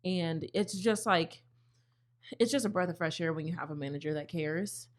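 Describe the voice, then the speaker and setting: A woman's voice: fairly low pitch, moderate pace. A young woman co-hosting a casual podcast chat, candid and chatty, swearing freely. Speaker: podcast co-host, bartender.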